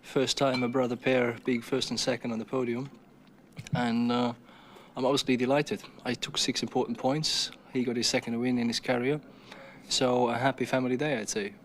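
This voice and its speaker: A man gives measured answers on the podium after the race. He speaks in a flat, even line with little rise and fall. Faint background noise sits behind his voice. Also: medium pitch. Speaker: racing driver. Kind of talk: post-race podium interview.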